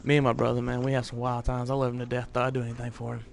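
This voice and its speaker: A man spins loose, cussing stories at a quick clip over a gaming headset. His pitch sits in a middling range, and a faint hiss runs under his voice. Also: monotone, vocal fry. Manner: rambling, profane storyteller. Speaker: gaming friend telling stories. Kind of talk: casual chat over voice chat while gaming.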